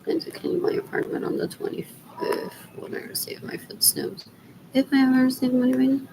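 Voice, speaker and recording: A woman rambling through a solo livestream, mixing English and Spanish, drifting between loud talk and near-whispers and repeating questions to herself. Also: high-pitched, completely flat delivery, moderate pace, gravelly, background noise. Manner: mixes English and Spanish mid-sentence.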